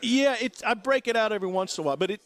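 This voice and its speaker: Animated male radio storyteller. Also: high voice, racing. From Missouri. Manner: acts out the people in his story with lively voices. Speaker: guest storyteller. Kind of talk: animated anecdote on talk radio.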